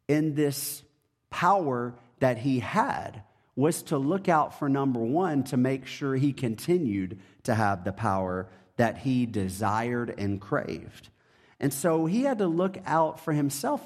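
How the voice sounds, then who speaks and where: A man preaching a sermon, first reading scripture aloud, then speaking in a measured way with frequent pauses and fillers. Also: mid-range voice, expressive. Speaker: pastor.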